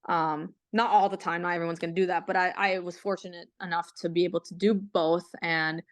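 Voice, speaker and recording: Smooth-voiced young woman, relaxed chat. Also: fairly low pitch, fairly quick, dry recording. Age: young adult. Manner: repeats words, fillers, laid-back. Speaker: college athlete guest. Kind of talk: casual interview chat.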